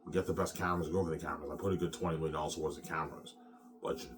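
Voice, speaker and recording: A man's voice: rumbling low, fairly even intonation, very fast, recorded from a distance, background noise. A man rambling casually to his viewers, repeating himself and tossing in "man" and "yeah". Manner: repetitive, keeps saying "man" and "yeah".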